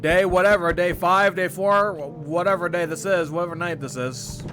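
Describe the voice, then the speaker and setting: Gamer guy, bit high voice, lively and jokey, faint music behind. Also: normal speed. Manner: animated, jokey, loud outbursts. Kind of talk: casual gameplay commentary.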